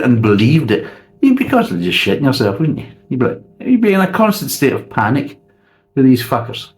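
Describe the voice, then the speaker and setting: A man's voice: fairly low pitch, darkish tone, poor audio. A man reviewing a beer in a casual, sweary, ranting way.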